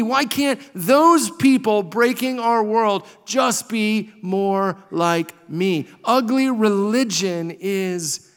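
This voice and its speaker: A pastor with a notably high voice delivers a forceful sermon, driving points home through repetition. His words hang in the long reverb of a church sanctuary. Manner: emphatic preaching with rhetorical repetition. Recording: reverberant hall.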